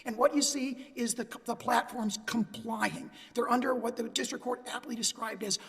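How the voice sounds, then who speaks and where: Gravelly raspy guy doing an emphatic court argument, lots of echo in the room. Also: extremely high pitch, fairly even intonation, normal speed, fairly bright tone. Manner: emphatic, builds long hypotheticals. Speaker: lawyer arguing for plaintiffs in appeals court. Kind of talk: formal courtroom oral argument. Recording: long reverb of a courtroom.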